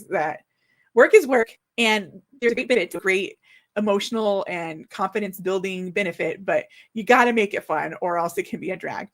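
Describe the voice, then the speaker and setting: A woman in her forties, an author hosting her own book launch livestream, chatting casually in an excited, slightly flustered way. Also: medium pitch.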